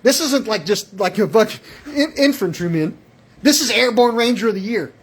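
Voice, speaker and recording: A man's voice: high voice, lively intonation, normal speed, slightly rough. A man calling in to a radio show with a rambling, agitated, profane rant that jumps between thoughts and acts out little exchanges. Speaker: caller.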